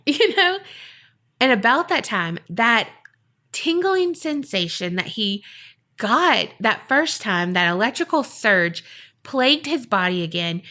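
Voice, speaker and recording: A woman hosting a podcast, casually telling a paranormal story and acting out the voices of the people in it. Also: mid-range voice. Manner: lively, acts out quoted voices. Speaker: podcast host.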